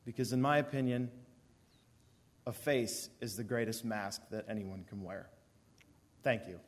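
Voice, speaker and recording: A man's voice: lowish voice, steady tone, measured pace, background noise. A young man earnestly telling a personal story from summer camp to an audience. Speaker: youth speaker.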